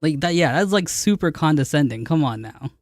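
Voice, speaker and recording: A man's voice: on the high side, lively intonation, fairly quick, no room sound, clean studio sound. A man streaming a game who argues with his chat, laughing as he challenges them again and again to give him an example. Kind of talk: live stream chat reply.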